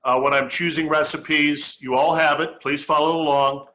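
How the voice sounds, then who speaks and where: A man's voice: a little high, flat delivery, moderate pace, sharp tone, a little hiss or hum. A man hosting a homespun cooking demonstration, chatting casually and often restarting his phrases. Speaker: cooking show host.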